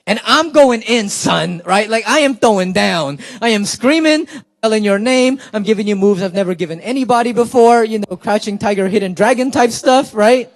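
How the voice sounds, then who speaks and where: Young male spoken word poet, high voice, animated crowd-hyping host energy, loose filler-heavy banter. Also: normal speed. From South Florida.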